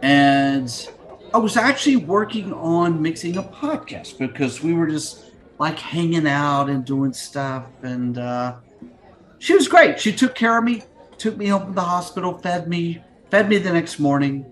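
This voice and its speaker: Middle-aged male podcast host, scatterbrained and crude, animated delivery, slightly high voice, video call mic. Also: unhurried. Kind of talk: casual rambling monologue.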